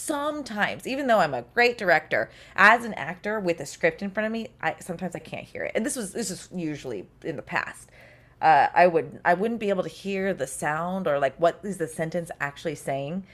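A woman voice actor chatting casually, telling lively stories and mimicking the people she quotes. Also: lowish voice, a little fast. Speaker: podcast guest, voice actor. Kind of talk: casual chat. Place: recording studio.

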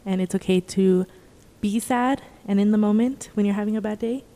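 A young woman co-hosts a casual chat, chatty and encouraging. Her voice is mellow and warm, sitting in a middle pitch. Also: normal speed, long reverb tail. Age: young adult. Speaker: podcast co-host.

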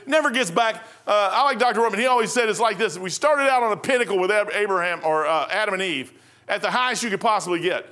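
A man's voice: sits high, quick pace, bright, forceful tone. A middle-aged male pastor preaching a sermon in a rambling, folksy storytelling way, with frequent restarts.

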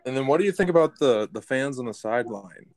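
A man's voice: medium pitch, animated, fast talker, a little mellow. A man co-hosting a casual sports chat, asking questions and giving short replies. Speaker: podcast co-host.

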